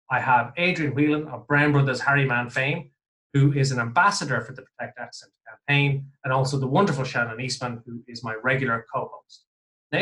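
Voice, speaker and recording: A man hosts a casual podcast with a bright, forward voice. He chats easily and pokes fun at himself while welcoming his guests. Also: mid-range voice. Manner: chatty, self-deprecating. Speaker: podcast host.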